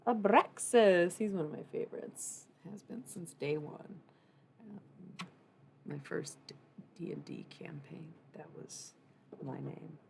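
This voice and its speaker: Low, gravelly woman rambling on a livestream. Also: slow pace, mellow, a little hiss or hum. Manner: rambling and free-associating, swears casually; slangy, mystical musings. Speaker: livestreamer giving an intuitive reading. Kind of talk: casual livestream chat.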